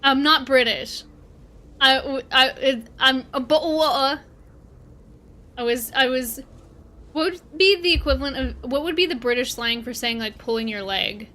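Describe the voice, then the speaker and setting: A woman's voice: sits high, measured pace, bright, forceful tone. A woman from Canada with a Canadian accent, chatting casually with her viewers while streaming a game and answering their messages. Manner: chatty, talks back to chat while playing. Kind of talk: casual livestream chat.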